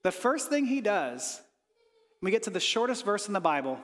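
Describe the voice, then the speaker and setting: A man with a notably high voice delivers an earnest sermon. He sinks to a soft hush on reflective lines and rises when he voices pleading prayers. The sound trails off in a long reverberant tail, as in a church sanctuary. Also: sing-song, normal speed. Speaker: pastor.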